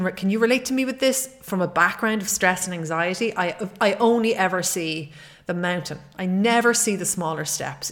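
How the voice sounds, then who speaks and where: A middle-aged woman hosting a solo podcast as a fitness coach, talking in an earnest, encouraging way and often repeating her key points. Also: mid-range voice.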